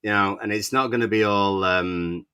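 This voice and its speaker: A man's voice: fairly low pitch, fairly even intonation, moderate pace, pushed and bright, smooth, no room sound. A man co-hosting a casual fan podcast, reading out listener messages in a chatty way. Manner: reads out listener comments, chatty. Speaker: podcast co-host.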